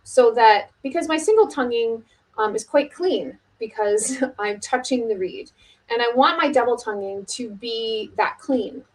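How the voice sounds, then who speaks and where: A middle-aged woman teaching oboe technique in a relaxed video lesson, talking casually with many fillers and restarts. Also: fairly high pitch, measured pace, low-quality recording.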